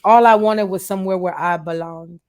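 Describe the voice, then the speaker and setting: A woman's voice: fairly low pitch, normal speed, clean tone. A woman guest in a candid interview, talking earnestly and emotionally and repeating phrases for emphasis.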